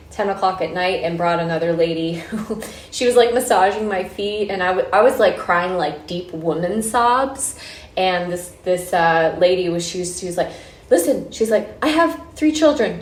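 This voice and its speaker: A woman hosting a podcast, chatting casually and enthusiastically with lots of "like" fillers. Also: lowish voice. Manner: gushing, filler-heavy with many "like"s. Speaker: podcast host. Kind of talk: casual interview. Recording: roomy echoey sound.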